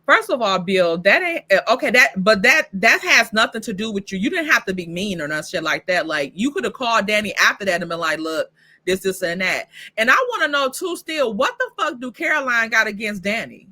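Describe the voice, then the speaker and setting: A woman reviewing a TV show, recapping it in a blunt, profane, animated way. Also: medium pitch, brisk. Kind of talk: casual TV recap commentary.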